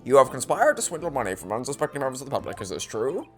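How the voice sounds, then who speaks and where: A man voicing a formal older courtroom judge, quiet and measured. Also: medium pitch, very animated, faint music behind.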